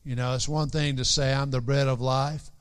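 A man's voice: mid-range voice, level tone, normal speed, clear, resonant tone. A man preaching a sermon, earnestly repeating key phrases for emphasis and quoting scripture in old-fashioned wording. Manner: quotes scripture in King James wording.

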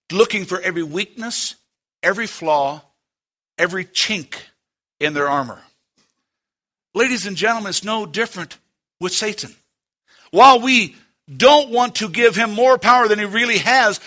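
A male pastor delivers a sermon with a high voice. His tone is bright and forceful. He leans on dramatic pauses, rising to loud emphasis and then dropping to a hush. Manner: preaching with dramatic pauses and shifts from loud to hushed. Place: church.

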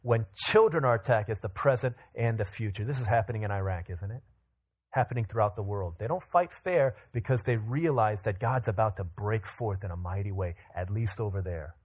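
Animated low-voiced male preacher. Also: a little fast, breathy edge. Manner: animated storytelling, acts out quotes in bursts. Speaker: pastor. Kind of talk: sermon.

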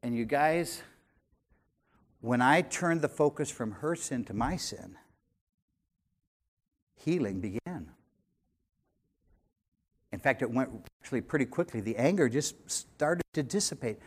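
An older man in his sixties preaching a sermon, animated, swinging between loud emphasis and quiet conversational asides. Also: mid-range voice, normal speed. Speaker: pastor.

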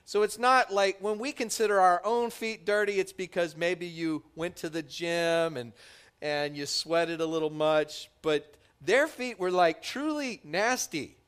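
A man preaching a sermon, telling the story with lively voices for its characters. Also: sits high, measured pace, clear, resonant tone. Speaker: pastor.

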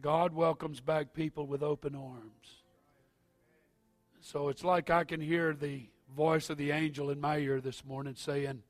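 A man preaches from the pulpit in a fairly high voice, alternating soft, halting asides with loud, climbing exhortation. The recording is dry and close. Faint music plays underneath. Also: fairly even intonation, dry recording. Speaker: pastor. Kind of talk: sermon.

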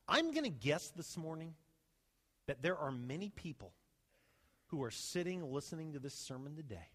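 Animated high-voiced male preacher. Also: in a large hall. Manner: animated, swings between loud emphasis and soft, slow asides. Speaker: pastor. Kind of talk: sermon. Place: church sanctuary.

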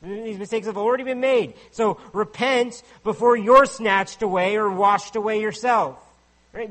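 A man's voice: high-pitched, a little slow, fairly bright tone. A man preaching a sermon in a conversational way, often asking listeners rhetorical questions. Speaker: pastor.

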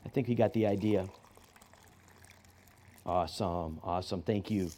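A man's voice: deep voice, measured pace, dark tone, a little hiss or hum. A man preaching a sermon to a church congregation in a conversational way, often restarting his sentences and repeating key phrases for emphasis. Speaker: pastor. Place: church service.

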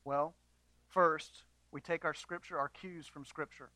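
A pastor preaching a sermon to his congregation, moving from quiet, measured passages to emphatic, raised appeals. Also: a little high, fairly even intonation, dry recording, low-quality recording. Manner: earnest preaching, swings between quiet and emphatic.

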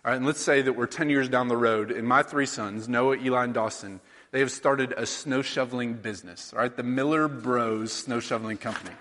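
A man's voice: mid-range voice, brisk, a bit bright, in a large hall. A man in his thirties from rural Iowa, preaching a sermon in a conversational way, with lots of rhetorical questions. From rural Iowa, USA. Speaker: pastor.

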